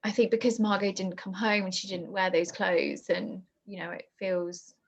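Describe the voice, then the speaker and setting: A young woman telling a painful personal story in conversation, halting and emotional with many restarts. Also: medium pitch, steady tone, gravelly. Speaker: guest. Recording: dull lo-fi podcast audio.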